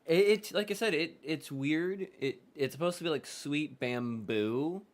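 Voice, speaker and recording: A man with a voice on the high side streams a casual live reaction to a football game at a measured pace. He chats loosely, trailing off and restarting as he goes.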